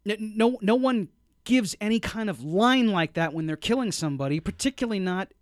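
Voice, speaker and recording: A man co-hosting a casual movie review chat, animated and indignant, often stumbling and restarting his sentences. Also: high-pitched, brisk, no echo, clean studio sound. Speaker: podcast co-host.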